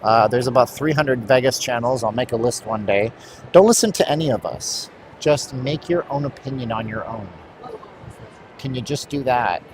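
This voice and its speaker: A man livestreams as he walks down a hot city street outdoors, bluntly rambling to his chat. His voice is medium-pitched at a moderate pace, and street traffic noise fills the background.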